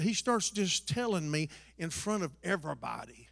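A man preaching a sermon testimony, moving from hushed storytelling to loud, impassioned exhortation. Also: on the high side, sing-song, moderate pace, creaky, dry recording, clean studio sound, big-room sound. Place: church.

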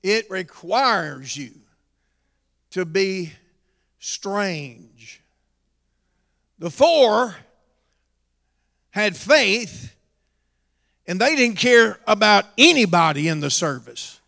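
A high-pitched man preaching to his church, his voice gravelly and unhurried as it swings from full shouts down to hushed storytelling. Long reverb from the sanctuary trails behind every line. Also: big pitch swings. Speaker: pastor. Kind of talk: sermon.

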